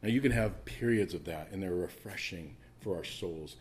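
A man preaching a sermon, swinging between loud emphatic stretches and hushed asides, repeating words for emphasis. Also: deep voice, normal speed.

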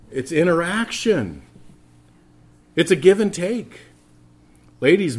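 A pastor preaches to his congregation, his voice sitting at an ordinary male pitch. He tells stories with animation and keeps turning to speak straight to the people in front of him. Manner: animated storytelling, addresses congregation directly. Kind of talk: sermon.

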